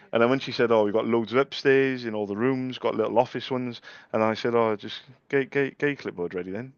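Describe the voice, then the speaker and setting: A cheeky young man talks in an office, quick with a joke and quicker to laugh at it. The sound is dull and lo-fi, with no room echo at all. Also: mid-range voice, smooth. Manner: cheeky, jokey, laughs at own lines. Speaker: salesperson cold calling. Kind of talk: phone sales banter, retold.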